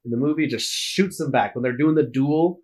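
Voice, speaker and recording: A man's voice: mid-range voice, a little fast, a little mellow. A man co-hosting a film podcast, chatty and nitpicking, often laughing as he talks. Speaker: podcast co-host. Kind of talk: casual film discussion.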